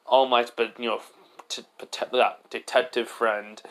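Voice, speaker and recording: A man's voice: mid-range voice, level tone, unhurried, a bit bright. A man narrating an improvised fan story, rambling with many fillers and restarts.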